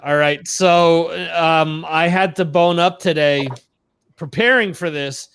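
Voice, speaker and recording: A man co-hosting a podcast, chatting casually with frequent pauses and restarts. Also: fairly high pitch, a bit bright, smooth. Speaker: podcast co-host. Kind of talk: casual chat about TV shows. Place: home in Spain.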